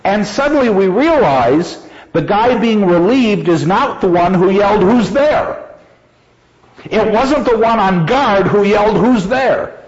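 Animated male teacher, lo-fi lecture recording. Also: high voice, normal speed. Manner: animated, laughs often, acts out quoted lines loudly. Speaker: literature teacher. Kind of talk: classroom lecture. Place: classroom. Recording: dull lo-fi classroom recording.

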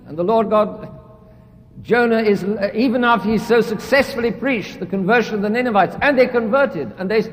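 A man with a high voice delivers an earnest sermon, repeating his phrases for emphasis. His words ring out with a long reverb, as in a church. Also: brisk, a bit bright. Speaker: preacher.

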